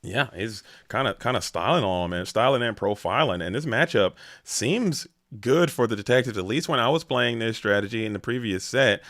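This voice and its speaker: A man giving live tournament commentary on a card game, talking in an analytical, measured way with frequent hesitations. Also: mid-range voice, expressive, fairly bright tone, no echo, clean studio sound.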